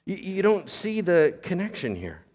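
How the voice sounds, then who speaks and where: A man's voice: sits high, wildly swooping pitch, normal speed, a little mellow, breathy edge, exaggerated voice. A man voicing a bold male preacher, Stephen, who lectures and repeats himself in exasperation at his listeners. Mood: exasperated.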